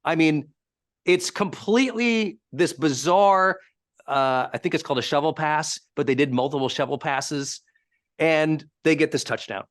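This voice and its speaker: A man giving a live teaching talk as a high-performance coach, telling stories in an emphatic, animated way. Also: measured pace.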